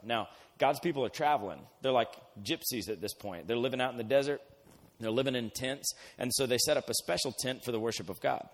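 A man casually retelling a Bible story as a youth pastor, acting out the characters in slang. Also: mid-range voice. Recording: long hall reverb.

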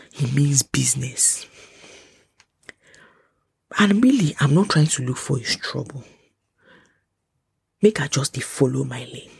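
A Nigerian woman hosting a casual solo podcast, animated and often dropping into a whisper. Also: low voice, gravelly, breathy edge, dry recording, studio quality. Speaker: podcast host. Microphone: close podcast mic.

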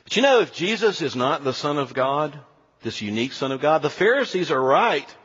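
Lively husky-voiced male preacher. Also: a little high, a little fast, big-room sound, dull audio. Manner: animated, conversational, with asides. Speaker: pastor. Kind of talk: sermon.

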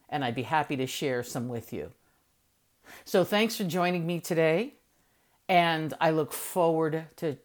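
A middle-aged woman hosting a weekly motivational talk, encouraging listeners and repeating key phrases for emphasis. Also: deep voice. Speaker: host of a weekly motivational show.

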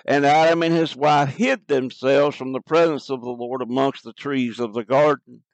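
Earnest preacher man, slightly high voice. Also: dry recording, rough recording. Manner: earnest, repeats words, frequent "uh" fillers. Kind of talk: sermon with scripture reading.

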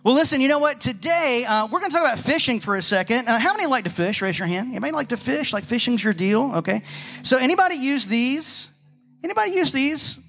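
High-voiced, bright preacher man. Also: quick pace, creaky, hardly any pauses. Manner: animated storytelling with rhetorical questions. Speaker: pastor. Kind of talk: sermon.

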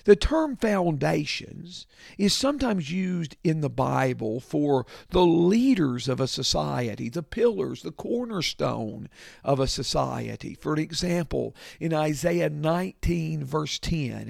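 Slow, gravelly-voiced man preaching. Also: fairly high pitch, a little mellow, dry recording, studio quality. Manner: slow, deliberate expository preaching with emphatic repetition. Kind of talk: sermon.

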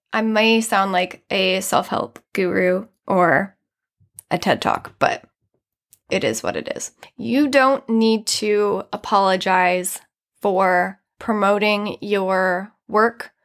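A woman's voice: medium pitch, a bit bright. A young woman hosting a podcast, talking alone in a chatty, earnest way with many fillers. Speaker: podcast host. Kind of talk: casual solo monologue.

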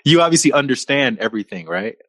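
A man's voice: a little high, expressive, quick pace, gravelly, a bit bright. A man hosting a podcast who introduces his guest and then interviews her in a friendly, teasing way. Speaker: podcast host. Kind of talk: casual interview.

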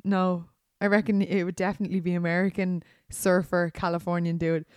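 A woman's voice: on the low side, level tone, a little fast, dry recording, clean studio sound. An Irish woman co-hosting a casual chat podcast, teasing and laughing often. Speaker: podcast co-host.

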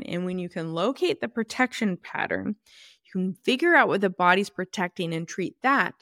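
A woman's voice: on the low side, fairly bright tone, no echo, clean studio sound. A woman hosting her own podcast, explaining clinical work in a casual, emphatic way and correcting herself as she goes. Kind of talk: solo podcast talk.

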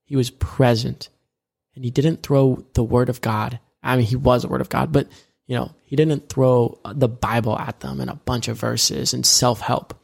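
A man with a gravelly, creaky edge in a mid-range voice, talking through faith in a loose, conversational way. He rambles, corrects himself, and retells scripture scenes in plain everyday words. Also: mid-range voice, little pitch movement, moderate pace. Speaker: co-host of a discipleship podcast. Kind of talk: casual faith discussion.

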